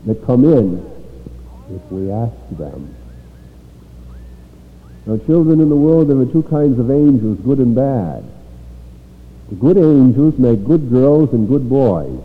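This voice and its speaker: A man preaching a sermon to children, telling a story slowly with dramatic pauses. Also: mid-range voice. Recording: tinny phone-like sound in a long-reverb hall.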